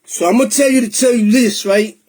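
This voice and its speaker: A man's voice: very high voice, steady tone, brisk, a little mellow, slight background noise. A man telling his personal testimony in an emotional, streetwise way, slipping Spanish into his English. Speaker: testimony speaker.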